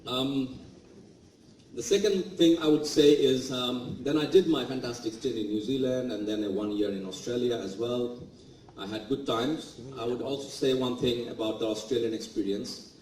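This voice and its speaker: A man's voice: mid-range voice, normal speed, a little mellow, a little hiss or hum. A man in his forties with a Bangladeshi accent giving a motivational speech, telling stories and acting out what others said to him. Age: 40s. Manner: storytelling, acting out quoted remarks. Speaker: guest speaker. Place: large event hall. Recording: echoey hall, mic at a distance.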